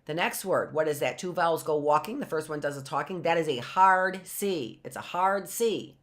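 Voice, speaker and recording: A woman teaching a phonics lesson, sounding out words slowly and repeating them, with playful asides. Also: low voice. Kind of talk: phonics lesson for live online class.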